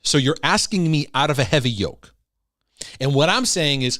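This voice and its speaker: A man's voice: a little high, animated, moderate pace, fairly bright tone. Conversational middle-aged man teaching. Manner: conversational, acts out voices with tag questions. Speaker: Christian teacher on anxiety and OCD. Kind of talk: casual teaching talk.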